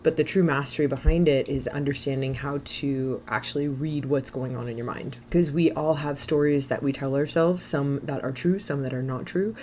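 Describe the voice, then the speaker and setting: A woman mindset coach as a podcast guest, talking fast and animatedly and laughing often. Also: a bass voice, fairly even intonation, a little mellow, a little hiss or hum. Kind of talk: podcast interview.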